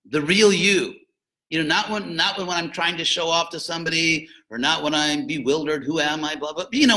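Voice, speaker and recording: A man's voice: high-pitched, bright, forceful tone, rough recording. A man giving an informal lecture on philosophy and religion, digressive and jokey, with frequent asides.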